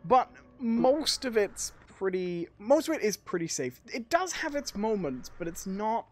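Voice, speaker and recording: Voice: mid-range voice, sing-song, unhurried. A stream co-host chatting casually in a hesitant, filler-heavy way. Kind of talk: casual live-stream chat.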